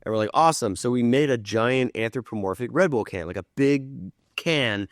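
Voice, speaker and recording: A man's voice: medium pitch, moderate pace, no echo, studio quality. A man in casual chat as a film producer guest, telling stories animatedly, acting out quoted lines and swearing casually.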